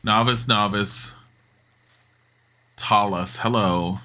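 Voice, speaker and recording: A man's voice: fairly low pitch, steady tone, slow pace, sharp tone. A man streaming a video game live, chatty and sarcastic, laughing at what happens on screen. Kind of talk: live gaming commentary.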